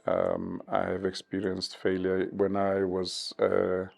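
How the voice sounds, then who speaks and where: A man in his fifties from South Africa, giving measured, thoughtful interview answers with many pauses. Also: low voice, monotone, creaky, darkish tone. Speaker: interview guest.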